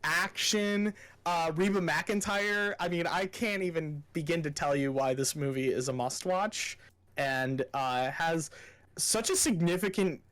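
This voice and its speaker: A man's voice: a little high, unhurried, fairly bright tone. A young man co-hosting a podcast, chatting casually and gushing with enthusiasm, swearing freely. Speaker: podcast co-host. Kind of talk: casual chat.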